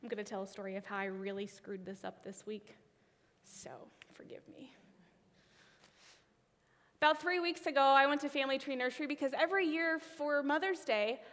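Woman preacher, high bright voice, expressive delivery that sinks to near-whispers; long echo of a big sanctuary. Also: quick pace. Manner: expressive, trailing phrase ends into a whisper. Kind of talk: sermon with a personal story.

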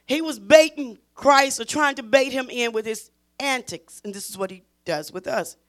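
Woman preaching at a bible study, high voice, repeats herself, gets loud and emphatic. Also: moderate pace. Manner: emphatic, repeats phrases, rises to near-shouting.

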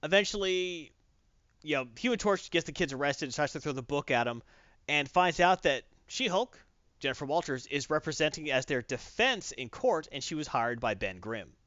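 A man's voice: fairly high pitch, moderate pace, no room sound. A man hosting a podcast, recapping a comic book casually with lots of fillers. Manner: animated storyteller, many fillers. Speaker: podcast host. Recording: dull, dry lo-fi recording.

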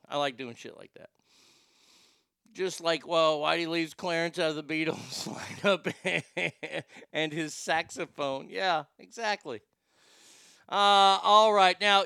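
Sarcastic, profane man ranting with bright voice. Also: sits high, clean tone, no room sound, clean studio sound. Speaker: podcast host. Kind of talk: ranting comedic commentary.

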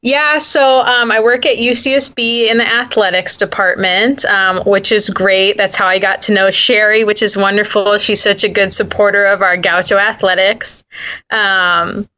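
A woman's voice: mid-range voice, fairly even intonation, moderate pace, bright, forceful tone. A woman who works in university athletics, speaking as a friendly, eager guest on a radio show.

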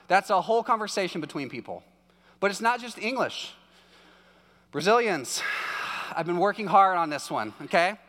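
Pastor, male, chatty sermon delivery with jokey asides, slightly high voice, reverberant hall. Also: expressive, moderate pace, pushed and bright. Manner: conversational preaching with jokey asides.

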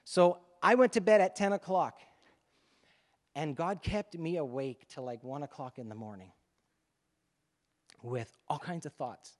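A male pastor telling a lively story to his congregation during a sermon, in a conversational, animated way. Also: fairly high pitch, measured pace, long pauses, in a large hall. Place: church sanctuary.

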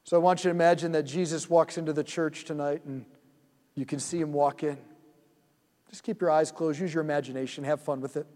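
A man leading a guided prayer meditation in a church hall, speaking gently and soothingly and often dropping to a hush. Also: on the high side, steady tone, brisk.

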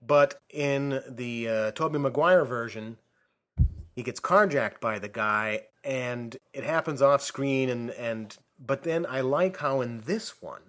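A man in casual conversation, giving measured, slightly picky opinions about movies. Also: medium pitch, fairly bright tone. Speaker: co-host of a movie discussion. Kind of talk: casual chat.

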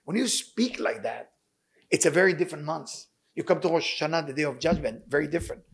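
Sermon voice: gravelly, husky man, fairly high, earnest and emphatic, English. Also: expressive, quick pace. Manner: non-native English with Hebrew phrases, earnest and emphatic. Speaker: rabbi teaching.

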